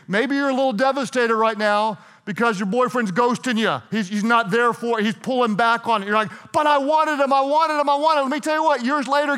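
A middle-aged man preaching a sermon, telling stories in an animated way, restarting and repeating himself. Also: very high-pitched. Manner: storytelling, animated, self-interrupting with repeated restarts. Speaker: pastor. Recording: hall reverb.

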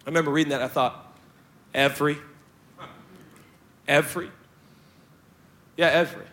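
Bright, animated young male pastor preaching. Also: on the high side, very fast. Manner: joking, animated preaching with asides. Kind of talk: sermon.

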